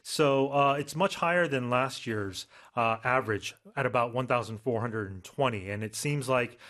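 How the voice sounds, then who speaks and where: Relaxed man explaining news terms. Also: mid-range voice, moderate pace. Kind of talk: casual news explainer for learners.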